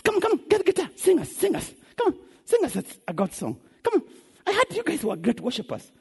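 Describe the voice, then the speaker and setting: A male preacher voicing a sneering captor who taunts slaves in high, sing-song jeers. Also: huge pitch swings, fast talker, creaky, darkish tone, exaggerated voice. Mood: mocking. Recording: long hall reverb.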